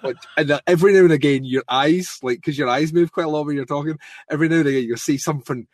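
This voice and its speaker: A Scottish man co-hosting a podcast in casual chat, telling a story with lively swearing and quick impressions of others. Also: a little high. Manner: animated storyteller, swears freely, mimics others. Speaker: podcast co-host.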